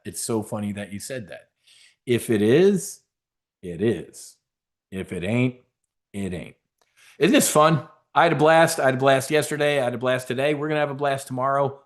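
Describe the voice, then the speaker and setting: A man hosting a live webinar, talking casually in a rambling, emphatic, preacher-like way. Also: mid-range voice. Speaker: webinar host.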